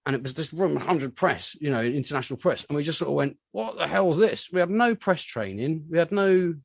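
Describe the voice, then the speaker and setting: A man, a musician, telling rambling anecdotes in a casual interview and getting animated when he acts out what others said. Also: a little high, quick pace, dry recording. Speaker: musician guest.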